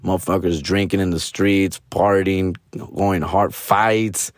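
Man, 40s, hoarse and raspy, low voice, swears a lot, slangy casual monologue, dry close sound. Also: steady tone, slow, no room sound. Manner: profane, slangy, keeps tagging lines with fool and bro; mixes in Spanish slang. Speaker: comedian.

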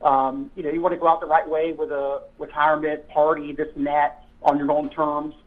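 A man calls in over a tinny phone line and tells old police stories in a rambling, halting way. His voice sits fairly high. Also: level tone. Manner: rambling storyteller, halting, many fillers. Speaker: guest, retired police officer. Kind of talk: casual chat.

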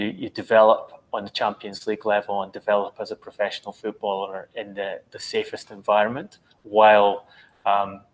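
A man's voice: lowish voice, slight background noise, low-quality recording. A man discussing football transfers in a casual podcast chat, hesitant with many ums but analytical. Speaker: football pundit.

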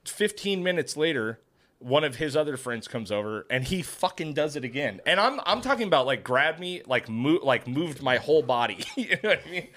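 A middle-aged man hosting a podcast, telling a story in casual chat with lots of swearing and lively energy. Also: a little high, a little fast. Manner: profane, animated storyteller. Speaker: podcast host.

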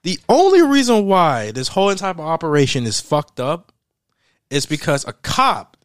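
A man in casual chat, telling a movie plot in an animated way, laughing often and swearing freely. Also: a little high, normal speed, smooth, no echo, studio quality.

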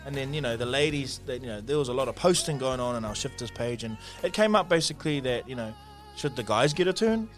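A man's voice: mid-range voice, lively intonation, fast talker, faint music behind. A man co-hosting a casual podcast chat, bantering and laughing a lot. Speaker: podcast co-host.

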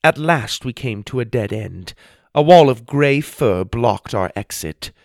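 A man narrating a children's fantasy story in the first person, expressive storybook narration. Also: mid-range voice, measured pace, no room sound, clean studio sound. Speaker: audiobook narrator.

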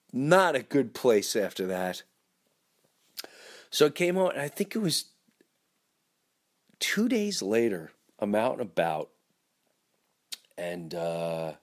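A man hosting a podcast, telling a dramatic story in an animated, rambling way full of restarts. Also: a little high. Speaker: podcast host.

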